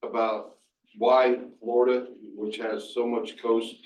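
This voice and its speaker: A man's voice: medium pitch, flat delivery, slow, darkish tone. A man in a workshop audience pressing a question, insistent and stumbling over his words. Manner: insistent, repeats himself, stumbles. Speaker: audience member. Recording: dull, distant, roomy audio with faint noise.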